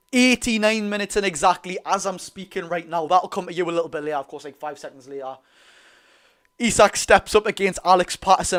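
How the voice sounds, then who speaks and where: An excitable young Geordie man from North East England with a high voice streams a fan watch-along, giving live, partisan play-by-play. He celebrates loudly, swears and repeats phrases.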